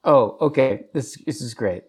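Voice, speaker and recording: A man co-hosting a casual chat, teasing dryly and halting with fillers. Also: mid-range voice, darkish tone, husky. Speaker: podcast co-host.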